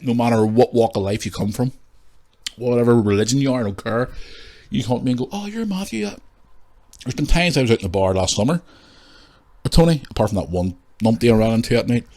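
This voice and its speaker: A man hosting a casual solo podcast, rambling, candid and quick to swear. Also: mid-range voice, darkish tone. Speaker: podcast host.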